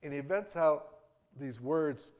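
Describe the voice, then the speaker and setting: A man preaching a sermon in a conversational way, with restarts and acted-out quotes, moving between hushed and emphatic. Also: on the high side, slow pace.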